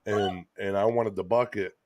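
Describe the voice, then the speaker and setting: Co-host, middle-aged man from Michigan, lowish voice, relaxed, profane, chatty. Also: moderate pace, no echo. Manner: laid-back, swears a lot, laughs while telling stories. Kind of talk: casual chat.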